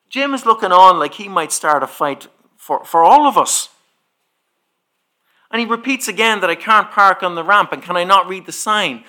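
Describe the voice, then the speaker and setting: A man's voice: high voice, normal speed. A man preaching a sermon, telling a personal story and acting out the dialogue as he goes. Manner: animated storyteller who acts out the dialogue.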